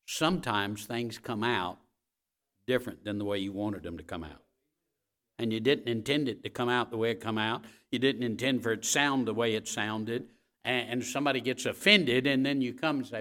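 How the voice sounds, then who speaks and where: A man preaching a sermon as pastor, speaking to his congregation directly and folksily, repeating key phrases and swinging between loud emphasis and quiet asides. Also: medium pitch, normal speed, long pauses.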